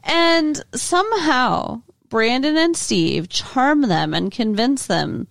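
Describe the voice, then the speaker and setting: Woman with a slow, lively drawl. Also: sits high, creaky, no echo, clean studio sound. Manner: blunt, swears, laughs often. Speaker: podcast co-host. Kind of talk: casual chat.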